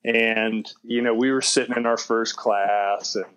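A man's voice: lowish voice, steady tone, measured pace, fairly bright tone, clean tone, low-quality recording. A younger man, a filmmaker guest, talking casually in a rambling way, full of "you know". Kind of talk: casual interview chat.

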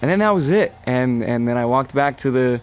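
A man in his twenties, a singer, excitedly telling a story in an interview and acting out quotes. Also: mid-range voice, brisk, soft background music. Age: 20s. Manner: animated, swears, acts out quotes in whispers. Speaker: guest singer.

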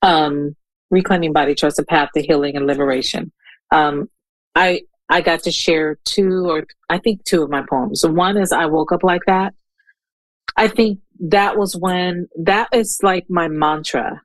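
A woman in her fifties, a guest poet talking in an interview, who speaks haltingly and searches for her words, then reads her poem aloud. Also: low-pitched, no echo, low-quality recording. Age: 50s. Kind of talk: interview conversation with poetry reading.

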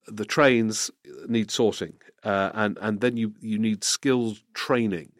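A man's voice: on the low side, takes it slowly, no room sound, studio quality. A middle-aged man giving rambling political commentary, answering viewer questions with many restarts. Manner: rambling, restarts mid-sentence, animated when reading questions. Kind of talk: casual spoken commentary.

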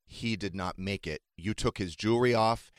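A man hosting a comedy podcast, questioning his guests in a teasing, deadpan way. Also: fairly low pitch, moderate pace, smooth, no echo. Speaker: podcast host. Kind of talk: casual comedic chat.

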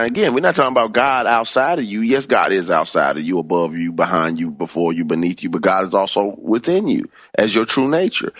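Deep-voiced man preaching with emphatic swoops. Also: a bit bright, no room sound, muffled recording. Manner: emphatic, swoops up in pitch on key words, repeats phrases. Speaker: minister teaching from a book. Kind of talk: sermon-style teaching.

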